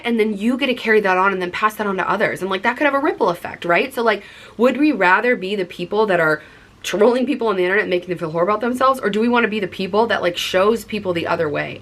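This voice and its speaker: A woman's voice: mid-range voice, a bit bright. A young adult woman vlogger talking earnestly and casually to her viewers, filling her talk with "like". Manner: chatty, earnest, heavy use of "like". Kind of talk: casual confessional chat to camera.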